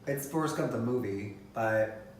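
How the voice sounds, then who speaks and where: A man in casual chat teasing his partner, filler-heavy and lively. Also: medium pitch, moderate pace, slight background noise. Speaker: co-host, partner. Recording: echoey room, voice from far off.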